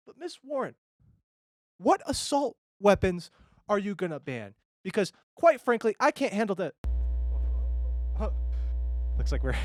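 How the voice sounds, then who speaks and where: A man moderates a comedy debate parody, rambling crudely and losing his footing. His voice sits high and swings widely in pitch. The recording is dry and close. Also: no room sound.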